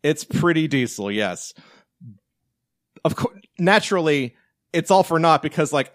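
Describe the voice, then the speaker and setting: A man's voice: fairly high pitch, unhurried, pauses often, no echo, clean studio sound. Joking man co-hosting a podcast. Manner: animated, profane, joking, breaks into shouted bits. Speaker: podcast co-host. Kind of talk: casual chat.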